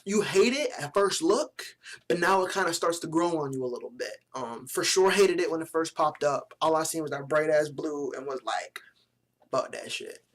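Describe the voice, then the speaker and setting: A man's voice: fairly high pitch, lively intonation, normal speed. A young man giving casual, profane commentary as a vlogger, blunt and mocking with plenty of slang. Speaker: vlogger reviewing sports jerseys.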